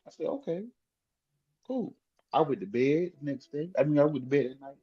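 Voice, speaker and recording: Animated husky-voiced man telling a story. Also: on the high side, normal speed, dull audio. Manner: animated, acts out both sides of dialogue. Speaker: podcast co-host. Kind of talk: casual storytelling chat.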